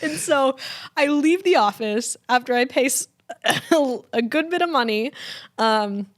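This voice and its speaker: A young woman from Georgia co-hosts a casual family podcast, speaking unhurriedly in a high voice. She's a chatty storyteller who laughs often and quotes people in lively voices.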